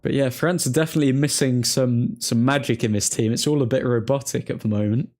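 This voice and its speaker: A young man of middle pitch hosts a livestream in a loose, chatty way. He mixes match reactions with easy replies to his viewers. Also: fairly even intonation, a little fast, darkish tone. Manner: chatty, reacting to the game and replying to chat. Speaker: livestream host. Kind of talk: casual live match commentary with viewers.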